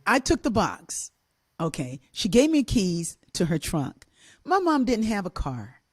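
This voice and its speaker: Lively, animated woman telling a story. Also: medium pitch, a little slow. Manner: animated, laughing, acts out voices in her story. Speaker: co-host and musician. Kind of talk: storytelling on a talk show.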